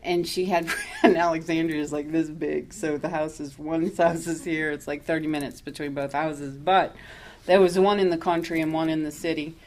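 A woman's voice: low voice, fairly even intonation, normal speed, a little mellow, slight background noise. A woman telling her own recovery story at a meeting, candid and self-mocking, laughing often as she talks. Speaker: recovery speaker.

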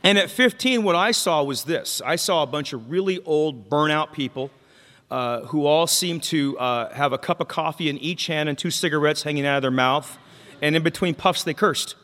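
Man, recovery meeting speaker, wisecracking testimony, slightly high pitch, long hall reverb. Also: moderate pace, fairly bright tone. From Mexican-American. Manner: candid, wisecracking storyteller with crowd asides. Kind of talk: personal testimony talk.

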